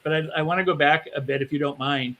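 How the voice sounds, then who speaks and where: An older man speaking as a mindset coach on a panel, animated and acting out the inner voices of his listeners. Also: fairly high pitch, quick pace, rough recording. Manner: animated, acts out inner voices, repeats words. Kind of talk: motivational panel talk.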